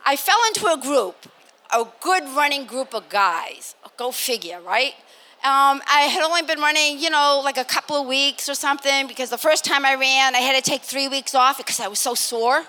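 An older woman from Massachusetts telling a lively story as a guest on a live panel, laughing and acting out what people said. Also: sits high, moderate pace. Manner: animated, laughing, acts out quotes. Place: live expo stage.

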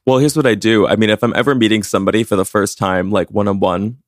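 A man's voice: fairly low pitch, steady tone, fast, dry recording, clean studio sound. A man co-hosting a podcast in casual chat, teasing and laughing often. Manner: chatty, teasing, laughs often, playful impressions. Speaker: podcast co-host.

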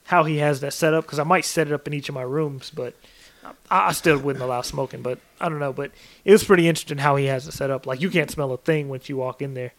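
A man co-hosting a podcast, chatting in a relaxed way with lots of "like" fillers. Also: a little high, quick pace. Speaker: podcast co-host. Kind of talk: casual chat.

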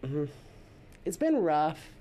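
Woman, low voice, podcast co-host, chatty, frequent laughter. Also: sing-song, slow pace, warm tone. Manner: laughs often, drawls "y'all". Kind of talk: casual chat.

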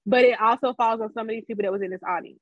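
Higher husky woman, blunt casual talk. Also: steady tone, rapid-fire, no echo, lo-fi sound. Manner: blunt, restarts often, swears. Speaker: podcast co-host. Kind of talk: casual chat.

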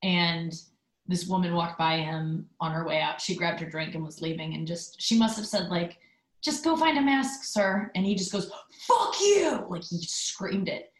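A woman's voice: lowish voice, steady tone, roomy sound, low-quality recording. A woman hosting a podcast, telling a rambling story in casual chat with lots of fillers and asides. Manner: chatty storytelling, loose fillers, quick asides. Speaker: podcast host. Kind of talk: casual monologue.

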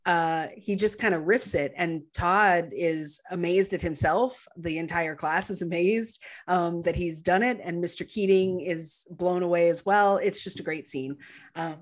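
Enthusiastic woman with a lowish voice. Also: unhurried. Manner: enthusiastic, laughs easily. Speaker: podcast co-host. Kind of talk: casual film discussion.

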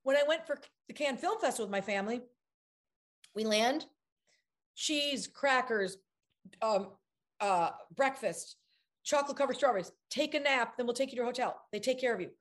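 Animated woman telling set stories. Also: on the high side, normal speed, pauses often. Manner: animated storyteller, acts out other people's lines. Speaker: actress guest. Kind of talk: anecdotal interview chat.

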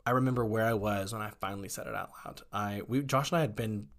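A man's voice: on the low side, fast talker. A man, a guest in an interview, candidly telling personal stories in a conversational way, with many fillers and acted-out quotes.

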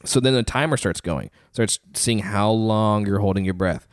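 A man's voice: on the low side, moderate pace, no room sound, clean studio sound. A man co-hosting a podcast, telling a story in casual chat with lots of fillers. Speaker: podcast co-host.

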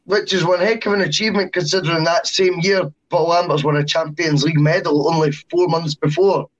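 Guy co-hosting a football podcast, higher voice, chill and agreeable, breaks things down. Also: fairly even intonation, a little fast, dull audio. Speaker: podcast co-host. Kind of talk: casual chat.

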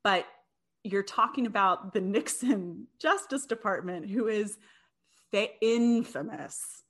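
A woman's voice: mid-range voice, animated, slow. A young adult woman casually telling a history story to a co-host, chatty, often laughing, with many fillers and restarts.

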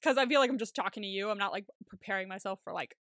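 A woman's voice: medium pitch, racing, a bit bright, no room sound. Chatty young woman podcaster, dry close mic. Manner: chatty, laughs often, swears casually. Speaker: podcast co-host. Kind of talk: casual chat.

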